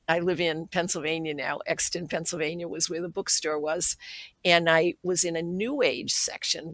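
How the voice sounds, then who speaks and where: Older woman guest, gravelly voice, dry close sound, earnest storyteller who plays out old conversations. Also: lowish voice, a bit bright, no echo, poor audio. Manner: earnest, reflective, acts out remembered dialogue. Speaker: podcast guest. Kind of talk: personal storytelling in an interview.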